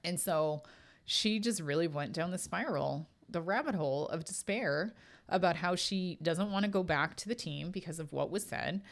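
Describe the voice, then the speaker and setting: Low-voiced woman chatting candidly. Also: normal speed. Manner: candid, chatty storytelling with frequent swearing and fillers. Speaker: podcast host and medium. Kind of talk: casual spoken podcast monologue.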